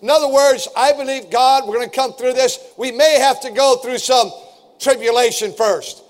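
A man's voice: very high-pitched, steady tone, normal speed. A man preaching a fervent sermon and reading scripture aloud to his congregation. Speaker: pastor.

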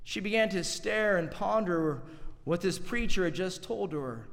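High-voiced fervent preacher in a hall. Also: male voice, expressive, normal speed, creaky. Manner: fervent, repeats words, swings from loud to hushed. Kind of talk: sermon. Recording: long reverb of a large hall.

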